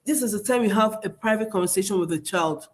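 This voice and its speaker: A woman's voice: mid-range voice, fast. A woman speaking earnestly to parents, giving advice on talking with their children. She repeats key phrases and keeps checking that her listeners understand.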